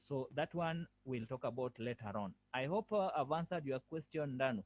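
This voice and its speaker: A man's voice: on the high side, animated, normal speed, darkish tone, dry recording, dull audio. A male French language lecturer giving an online lesson over a video call, repeating himself and firmly correcting students. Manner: repetitive, firm corrections.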